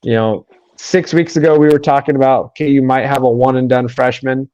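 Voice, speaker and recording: A man hosting a sports podcast, talking quickly in run-on sentences with many fillers. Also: mid-range voice, steady tone, dark tone, smooth, dry recording, lo-fi sound. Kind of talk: casual sports podcast chat.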